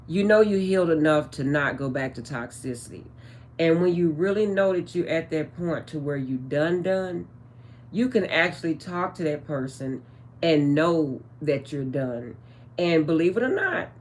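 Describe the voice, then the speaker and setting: A woman's voice: low voice, a little hiss or hum. Chatty woman doing a spiritual vlog. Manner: chatty, addresses viewers as guys, trails off with um. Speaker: spiritual channeler. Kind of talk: casual spiritual vlog talk.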